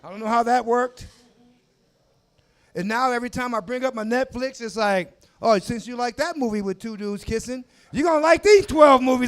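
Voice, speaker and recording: A man in his forties doing a crude, animated stand-up set on a comedy club stage, shouting his punchlines into a handheld mic. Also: very high-pitched, normal speed. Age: 40s. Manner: loud, crude, animated storytelling with shouted asides.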